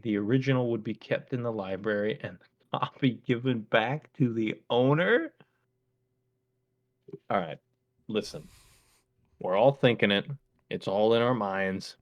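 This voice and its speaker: Male podcast co-host, lowish voice, casual joker who slips into bits. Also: highs cut off. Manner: riffs with comic bits and acted-out voices, laughs often. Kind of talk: casual chat.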